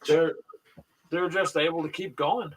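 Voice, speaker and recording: A man's voice: fairly high pitch, fairly even intonation, a little slow, far from the mic, slight background noise. A man hosting a casual chat, joking and teasing his co-hosts. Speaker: host.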